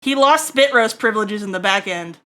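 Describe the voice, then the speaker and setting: A woman's voice: medium pitch, a little fast, sharp tone. A woman livestreaming while she draws, chatting with her viewers in a crude, joking way. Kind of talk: casual stream chat while drawing.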